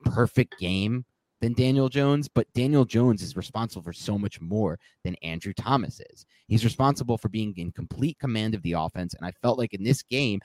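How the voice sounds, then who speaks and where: This sports podcast co-host speaks at a moderate pace in a lowish, darkish-toned voice, recorded dry. His casual game analysis rambles loosely, with self-corrections and laughter at his own mistakes.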